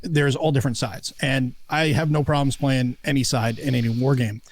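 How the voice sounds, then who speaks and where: Casting: man in his own voice, mid-pitched, talky and opinionated, casual podcast chat. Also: fairly even intonation, moderate pace. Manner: rambling, opinionated, with many restarts. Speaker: podcast co-host.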